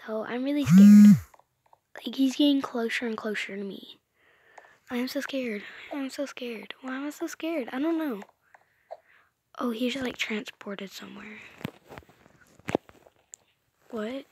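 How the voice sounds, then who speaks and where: A woman hosting a game video, chatting excitably and often dropping into a whisper. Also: on the high side, measured pace. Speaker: gaming video host. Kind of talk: let's play commentary. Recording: noisy, with clicking sounds.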